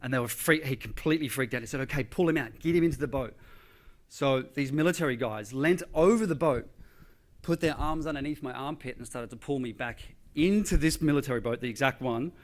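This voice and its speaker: A man's voice: mid-range voice, a little fast. A man giving a motivational speech on stage, telling a dramatic personal story. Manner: vivid, conversational storytelling with quoted dialogue. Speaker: motivational speaker. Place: event stage before an audience.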